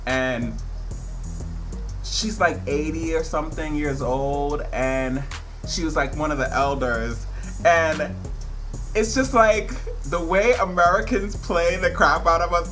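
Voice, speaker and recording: A man's voice: fairly high pitch, lively intonation, measured pace, sharp tone, faint music behind. A man giving a casual, rambling review, laughing often and swearing freely. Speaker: film reviewer.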